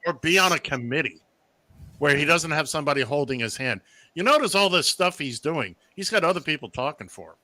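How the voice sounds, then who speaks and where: A man's voice: a little high, expressive, brisk, pushed and bright, no room sound. A man from Long Island, co-hosting a casual political chat on the radio, blunt and opinionated. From Long Island, New York. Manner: blunt and opinionated, teasing the others. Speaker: radio show co-host.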